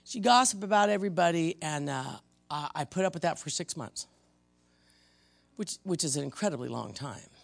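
A pastor preaching a sermon in church to the congregation, emphatic, swinging from loud rebukes to hushed intensity. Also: mid-range voice, animated, normal speed, vocal fry. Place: church service before a congregation.

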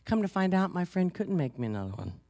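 A woman's voice: lowish voice, sing-song, quick pace, mellow, dry recording. A woman pastor preaching in a loose, chatty storytelling way, full of asides. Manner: chatty storytelling, frequent "you know", laughs easily. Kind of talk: conversational sermon.

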